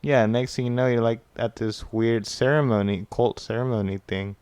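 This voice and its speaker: Smooth, dry-sounding young male host. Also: mid-range voice, fairly even intonation, normal speed, a little mellow, dry recording. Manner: laid-back, joking, swears casually. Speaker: podcast host. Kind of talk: casual chat.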